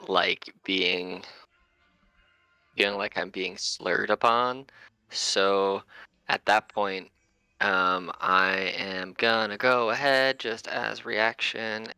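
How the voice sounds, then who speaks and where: A man with a low, gravelly voice plays his character at a tabletop game, speaking casually and swearing freely. His tone is sharp and bright. The sound is close and dry. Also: fairly even intonation, slow pace, no echo. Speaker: player. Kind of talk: in-character tabletop role-play.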